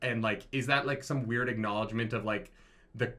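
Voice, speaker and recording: A British man co-hosting a casual movie review chat, excitable and swearing freely, often laughing at his own jokes. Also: medium pitch, a little fast. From Britain. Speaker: co-host of a movie review show.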